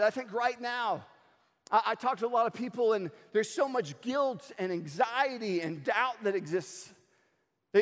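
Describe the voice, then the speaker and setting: A man preaching a sermon, telling stories in an animated way and acting out the lines he quotes. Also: very high-pitched. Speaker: pastor. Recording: long hall reverb.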